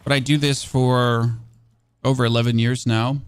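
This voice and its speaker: A man's voice: medium pitch, level tone, moderate pace, clear, resonant tone, no room sound. Chatty German man streaming a game. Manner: chatty, self-mocking, frequent fillers and restarts. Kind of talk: casual gameplay commentary with chat.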